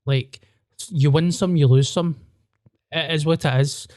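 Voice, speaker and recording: A man's voice: a little high, fairly even intonation, measured pace, a little mellow, dry recording, clean studio sound. A man with a Glaswegian Scottish accent, a comedian hosting a podcast, chatting bluntly with sweary, self-mocking banter. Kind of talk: casual podcast chat.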